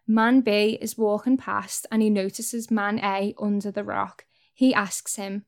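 Young woman vlogger, candid, earnest talk to camera, mid pitch, swears now and then. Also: steady tone, a little slow, smooth.

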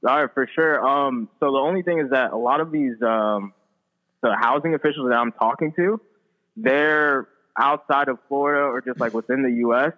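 A man's voice: mid-range voice, normal speed, highs cut off. A man talking casually on a podcast, hesitant and filling gaps with likes and ums. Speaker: guest.

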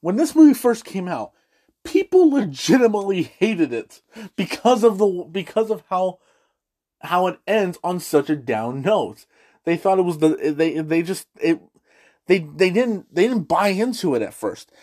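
A man hosting a casual movie review, excitable and gushing, swearing freely and restarting his sentences. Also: sits high, a little slow.

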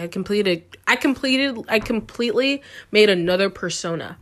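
A young woman casually telling a confessional story to her viewers, dramatic and exclaiming, laughing in disbelief, swinging between loud outbursts and low mutters. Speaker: vlogger.

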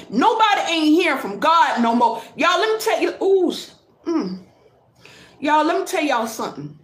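High, lively woman chatting to viewers. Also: roomy sound. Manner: animated, repetitive, calls out to viewers, laughs often. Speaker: live streamer talking to viewers. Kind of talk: casual live-stream talk.

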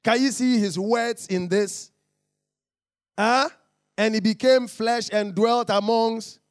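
A male pastor teaching from the Bible, asking his listeners to repeat phrases and confirm they follow, and reading scripture in a slow, emphatic cadence. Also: high voice, steady tone, no echo, studio quality, faint music behind.

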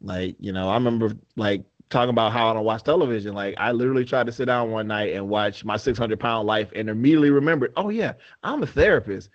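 Laid-back low-voiced male podcast host. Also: fast talker, few pauses, no room sound, muffled recording. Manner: rambling, laid-back, lots of fillers and casual cursing. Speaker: podcast host and mental health therapist. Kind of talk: casual podcast chat.

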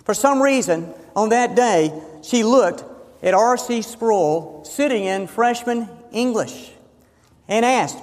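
A man preaching a sermon, emphatic, slowing and lifting his voice on key phrases. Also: high-pitched, lively intonation, long reverb tail. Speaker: pastor.

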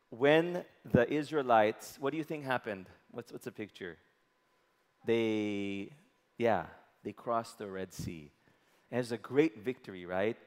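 A man preaching a sermon, often asking the congregation questions and waiting for answers. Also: medium pitch. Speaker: pastor. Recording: long hall reverb.

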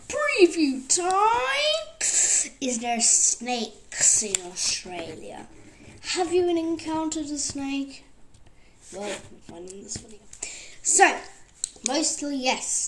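Higher-pitched woman rambling on her podcast, lots of likes and fillers, bit of hiss. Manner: rambling, full of fillers like "like" and "actually". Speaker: podcast host. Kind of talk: rambling casual talk.

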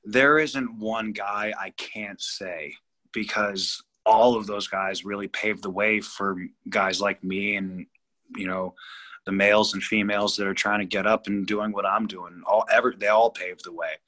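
A man in his thirties from California, telling a personal story as a guest in a casual interview, animated, blunt and profane, often repeating himself. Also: on the low side, measured pace. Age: 30s.

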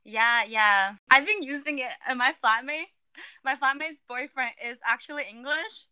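A woman's voice: high-pitched, moderate pace, pushed and bright, smooth, no echo. A woman hosting a casual chat, animatedly explaining slang. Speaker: podcast host.

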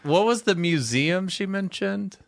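A man hosting a podcast, playful and quick to laugh in casual chat over a video call. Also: high-pitched, lively intonation, gravelly, no echo, studio quality. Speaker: podcast host.

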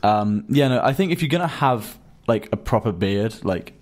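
A man, co-hosting a podcast in quick, casual chat that often stumbles and restarts. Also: lowish voice, lively intonation. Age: 20s. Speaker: podcast co-host.

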